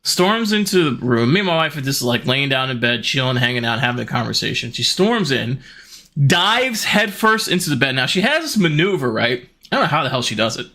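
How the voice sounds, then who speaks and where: A man's voice: mid-range voice, sing-song, a little fast, sharp tone. A man, chatting casually with viewers on his live stream, laughing often and greeting chat.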